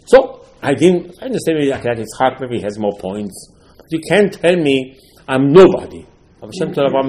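A man's voice: mid-range voice, brisk, slight background noise, low-quality recording. A man, a rabbi, giving an impassioned Torah lecture in broken English, acting out the dialogue as he goes. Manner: animated, acts out dialogue, broken English grammar.

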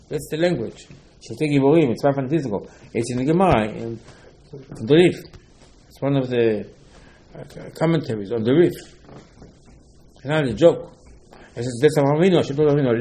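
A man's voice: medium pitch, fairly quick. Emphatic man preaching a religious lesson. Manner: emphatic, repeats key points, swings between loud and soft; non-native English phrasing. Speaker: rabbi giving a Torah lesson. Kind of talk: religious lecture.

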